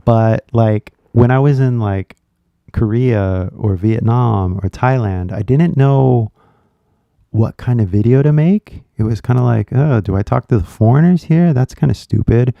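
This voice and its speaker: Gravelly Californian man chatting casually. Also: medium pitch, unhurried, no room sound, highs cut off. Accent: Californian American. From California, USA. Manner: rambling, animated, talks directly to viewers. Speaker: English teacher and channel host. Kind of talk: casual chat.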